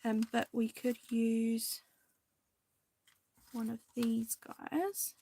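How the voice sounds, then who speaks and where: Hosting a crafting video, a woman chats casually and indecisively with viewers, occasionally slipping into soft, half-whispered asides. Her voice is a little high with a level tone and vocal fry, she speaks extremely slowly, and there's slight background noise.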